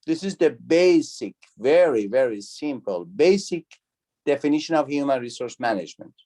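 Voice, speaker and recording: A man's voice: mid-range voice, very animated, normal speed, dark tone. A man teaching an online university class. He repeats key words, asks the students questions, and speaks with non-native phrasing. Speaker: university lecturer. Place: video call.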